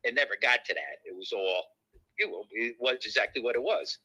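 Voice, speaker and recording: A man speaks as a podcast guest in a rambling, hesitant way. His voice is husky and very bright and sharp. He often trails off and restarts. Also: mid-range voice, lively intonation, a little fast, low-quality recording. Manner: rambling, hesitant, self-defending. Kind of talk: casual chat.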